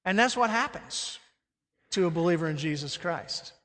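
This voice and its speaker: High-pitched guy preaching, gets loud then goes real quiet, long echo in a big church hall. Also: normal speed. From Alabama. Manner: animated, swings from loud emphatic peaks to hushed low phrases. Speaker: pastor. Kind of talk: sermon.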